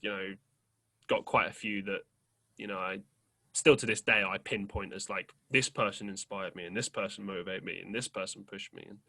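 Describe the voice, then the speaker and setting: A man's voice: on the low side, fairly even intonation, brisk, pushed and bright. A young man hosting a podcast, telling a rambling story in casual chat, full of fillers and casual swearing. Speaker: podcast host.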